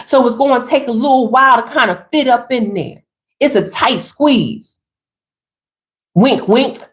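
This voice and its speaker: Emphatic high-voiced woman preaching to listeners. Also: unhurried, fairly bright tone, roomy sound. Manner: emphatic, sassy, preachy, talks straight to the listener. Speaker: spiritual talk host. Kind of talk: motivational spiritual talk.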